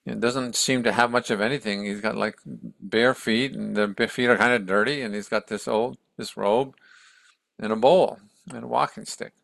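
Gravelly man casually retelling a story. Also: medium pitch, steady tone, moderate pace, fairly bright tone, no echo. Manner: conversational, many restarts, acts out quotes.

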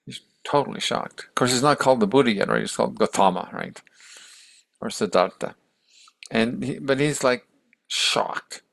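Man, casual storyteller, conversational with restarts, gravelly voice, mid pitch. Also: normal speed, a bit bright, no echo. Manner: conversational, many restarts, acts out quotes. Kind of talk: casual spoken retelling of a story.

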